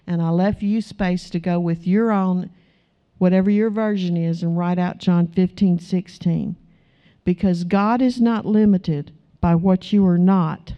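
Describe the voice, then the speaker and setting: A woman's voice: lowish voice, muffled recording. A woman preaching a sermon in church, emphatic and asking her congregation rhetorical questions.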